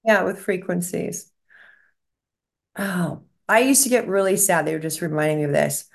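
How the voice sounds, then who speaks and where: Low-voiced woman relaying spirit messages. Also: moderate pace, vocal fry. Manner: rambling, restarts often, relays messages she is shown. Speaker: psychic medium guest. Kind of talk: casual chat.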